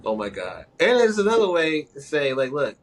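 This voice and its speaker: A man from New York talking in a casual, rambling conversation, with halting restarts and quick laughs. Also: fairly high pitch, wildly swooping pitch. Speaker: guest.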